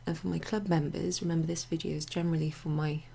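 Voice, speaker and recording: A woman explains French pronouns in a loose, chatty way, pausing with fillers and wandering into asides. Her voice is low, dark and mellow, with a gravelly, husky edge. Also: flat delivery. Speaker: French teacher. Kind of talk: casual explanatory lesson. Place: home near a greenhouse.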